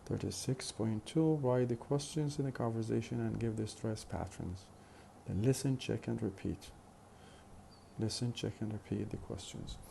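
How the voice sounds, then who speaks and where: A man's voice: fairly low pitch, moderate pace, vocal fry, mellow, a little hiss or hum. A man teaching a phonetics lesson in a methodical way, with many fillers and repeated examples. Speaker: phonetics lecturer. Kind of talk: recorded lecture.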